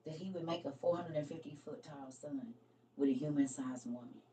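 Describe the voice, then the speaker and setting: A woman's voice: sits low, brisk, dark tone, far from the mic, slight background noise. A woman hosting a live stream, casually reading scripture aloud and talking it over with her viewers, laughing at her own slips.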